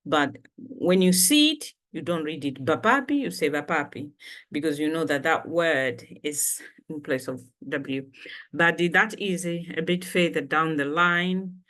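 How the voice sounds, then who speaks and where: A woman's voice: deep voice, a little slow, fairly bright tone. A woman from Malawi teaching vocabulary in a casual lesson, patiently repeating each word for learners. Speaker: language teacher.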